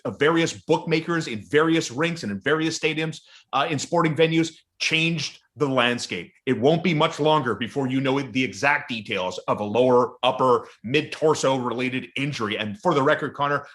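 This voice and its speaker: A man's voice: mid-range voice, fairly bright tone. A man co-hosting a sports podcast who gives blunt, opinionated takes in casual chat. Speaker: podcast co-host.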